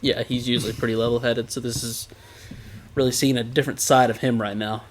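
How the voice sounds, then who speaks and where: A man's voice: medium pitch, flat delivery, brisk. A male podcast co-host in easy, casual conversation, recapping an episode. His delivery is teasing and sarcastic, full of joking asides.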